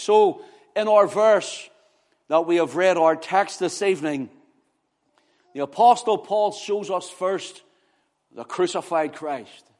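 A man preaching an impassioned sermon, swinging from loud exclamations to hushed words. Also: fairly high pitch.

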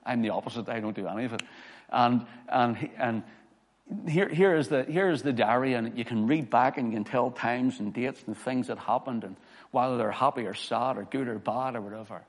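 A man's voice: medium pitch, fairly quick. A man preaching a sermon as pastor, reading scripture with emphasis and telling personal stories. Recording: long hall reverb.

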